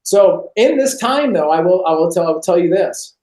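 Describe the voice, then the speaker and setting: A man from California, a podcast guest telling his personal testimony over a video call, lively and acting out scenes. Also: sits high, moderate pace. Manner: animated storyteller, acts out scenes. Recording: roomy echo.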